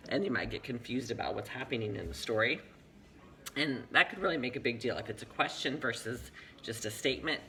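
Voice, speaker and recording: A man gives a one-on-one reading lesson, bright in tone and steadily encouraging. He explains each step plainly and praises the student often. A faint hum sits under the recording. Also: mid-range voice, poor audio. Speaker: reading teacher.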